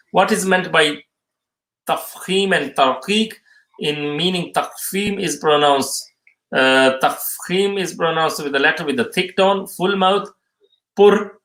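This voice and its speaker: Male tajweed teacher, slightly high voice, hesitant, repeats terms, roomy echo. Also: pushed and bright. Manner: halting, many fillers, restates terms twice. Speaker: Quran recitation teacher. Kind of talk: live tajweed lesson, reading questions and answers. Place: mosque or Islamic centre room.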